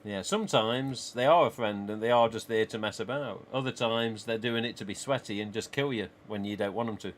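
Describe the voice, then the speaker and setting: A man's voice: lowish voice, a little fast, few pauses, a little hiss or hum. A man with an English East Midlands accent, live streaming from a small home office and chatting casually with viewers in a rambling way, laughing often.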